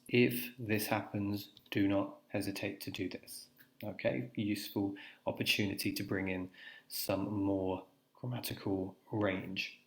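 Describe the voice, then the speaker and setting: Male English teacher, lowish voice, explains and dictates slowly while typing, echoey room with faint hiss. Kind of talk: live writing demonstration, thinking aloud. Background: keyboard typing.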